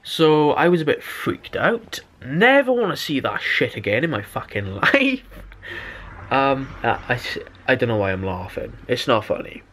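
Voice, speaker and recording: A man's voice: mid-range voice, sing-song, moderate pace, fairly bright tone. Sweary, rambling young British man. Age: young adult. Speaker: vlogger. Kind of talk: casual storytime vlog.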